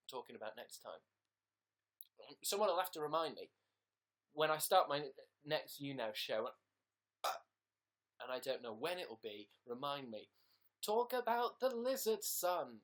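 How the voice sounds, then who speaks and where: Speaking at medium pitch with a fairly bright tone, this English livestream host chats loosely. He wanders from topic to topic, acting silly and making fun of himself.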